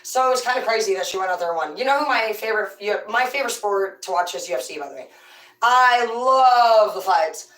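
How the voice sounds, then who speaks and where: A woman telling profane, rambling comedic stories about growing up on a farm, in a loose, animated way. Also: medium pitch, rapid-fire, hardly any pauses, recorded from a distance. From rural farm upbringing. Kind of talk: casual comedic storytelling. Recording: roomy, away from the mic.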